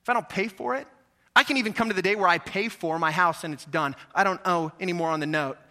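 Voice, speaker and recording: A man preaching a sermon in a church, animated, acting out voices and asking his listeners questions. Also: high voice, fast. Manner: animated, acts out voices, asks the audience questions. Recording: echoey hall reverb.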